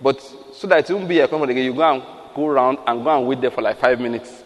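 A man's voice: medium pitch, fast talker, long reverb tail. A man preaching a sermon, emphatic, asking the listeners rhetorical questions and acting out quotes.

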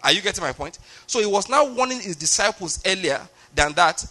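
A man's voice: high-pitched, animated, a little fast, sharp tone. A man preaching a sermon, explaining a passage step by step and often checking that his listeners follow.

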